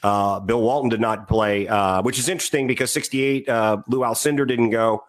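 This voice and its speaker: A man's voice: mid-range voice, steady tone, moderate pace. A man co-hosting a sports podcast, talking casually and rambling through trivia with many fillers. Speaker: podcast co-host.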